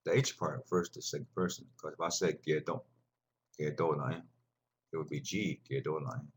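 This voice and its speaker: Male language teacher, deep and heavily husky voice, patient and repetitive classroom delivery. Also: fairly even intonation, moderate pace. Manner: rambling, patient, repeats words for students. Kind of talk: classroom lesson explanation.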